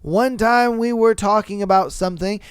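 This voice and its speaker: A man's voice: high voice, normal speed, clear, resonant tone, no echo, clean studio sound. A man hosting a podcast who reads a listener's story aloud, then comments on it bluntly and animatedly, swearing casually. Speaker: podcast host.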